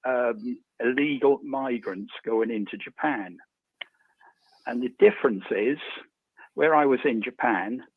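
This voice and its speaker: A man calling in by phone, talking in a hesitant, halting way. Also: mid-range voice, no room sound. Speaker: caller. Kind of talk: phone-in call. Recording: tinny dry phone line.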